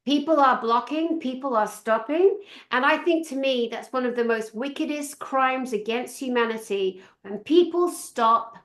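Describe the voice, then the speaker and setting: A woman in casual conversation, talking in an animated, exasperated way and acting out what others say. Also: high voice, measured pace, roomy sound.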